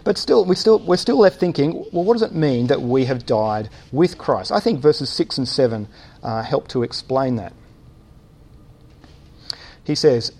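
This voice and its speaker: A man's voice: medium pitch, expressive, a little slow, a little mellow, husky. A man preaching a sermon in a church, thinking aloud with many uh's and restarts and posing rhetorical questions.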